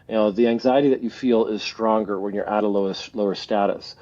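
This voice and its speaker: A man's voice: on the low side, fairly even intonation, fairly quick, dark tone. A Canadian man in his forties, a guest speaking reflectively in a casual interview, often laughing and restarting his thoughts. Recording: slightly dull lo-fi audio.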